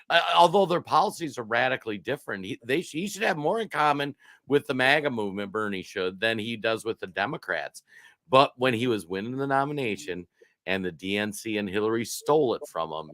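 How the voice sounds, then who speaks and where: On a casual political talk show, a male co-host from Minnesota spins lively stories, voicing other people's words as he goes. The recording is dry, his pitch medium and his speed normal.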